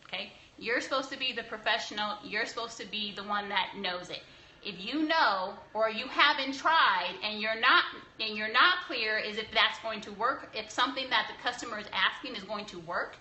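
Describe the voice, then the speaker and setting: Woman, young adult, live-stream Q&A, blunt, preachy, rather high voice, roomy echo. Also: sharp tone. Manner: blunt and preachy, with laughs and mild swearing. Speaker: cake decorator hosting a live stream. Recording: echoey room.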